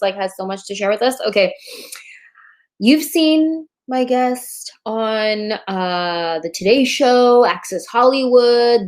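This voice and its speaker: Chatty and playful, a woman with a fairly high voice hosts a casual livestream chat show from a borrowed bedroom. She jokes her way through technical trouble while talking into a laptop mic.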